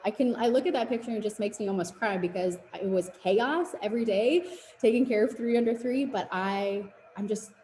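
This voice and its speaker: A woman in her twenties speaks as a fitness business coach, earnest and encouraging as she presents a webinar. Her voice is mellow and soft-edged, at an ordinary pitch. The recording carries a noticeable roomy echo. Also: slight background noise. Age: 20s.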